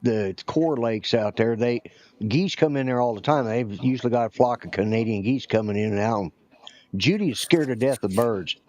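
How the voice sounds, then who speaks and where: A man's voice: mid-range voice, moderate pace, darkish tone. A man telling a rambling, folksy story during a casual chat. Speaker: guest.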